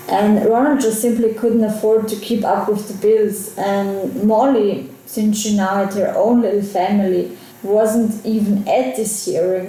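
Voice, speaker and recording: A woman's voice: medium pitch, dark tone, heavy reverb, poor audio. A woman narrating a true crime case in a conversational way, adding her own asides. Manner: conversational, personal asides while recounting events.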